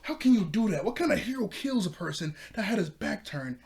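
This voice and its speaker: A man's voice: high voice, big pitch swings, fairly quick, gravelly, a little mellow, pitched above the performer's own voice, full character voice. A man voicing an angry young male villain, raising his voice as he accuses a hero. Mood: furious. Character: furious young male villain, grieving friend.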